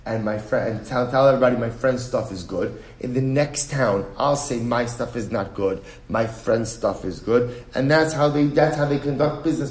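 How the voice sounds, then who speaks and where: A man teaching a Talmud class, often asking a question and then answering it himself. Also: mid-range voice. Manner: animated, asks and answers his own questions. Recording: echoey room.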